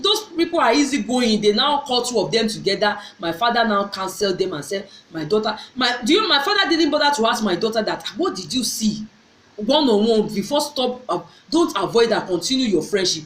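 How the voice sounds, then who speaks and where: A middle-aged woman speaks to her viewers in a fairly high voice, telling a personal story. She is earnest and often circles back to repeat or restart a phrase. The room around her is echoey. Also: big pitch swings, a little fast, fairly bright tone. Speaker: vlogger.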